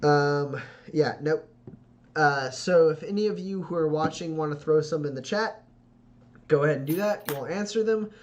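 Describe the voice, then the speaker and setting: A game master narrating a tabletop game in a relaxed way, with frequent fillers. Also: medium pitch, normal speed, highs cut off.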